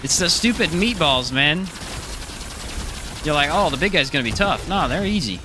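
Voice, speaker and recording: A man's voice: on the high side, lively intonation, moderate pace, noisy background. A man streaming a live game, chatting casually, joking and answering his chat. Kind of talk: casual live gameplay commentary.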